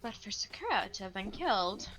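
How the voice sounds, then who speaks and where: A woman voicing a stern, composed female investigator in an amateur game reading, measured and commanding. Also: medium pitch, sing-song, fairly bright tone, soft background music.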